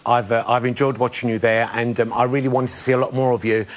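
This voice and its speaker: A man's voice: mid-range voice, little pitch movement, quick pace. A man on a chat show panel, joking cheekily and camply, laughing through his lines. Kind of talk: comic panel banter.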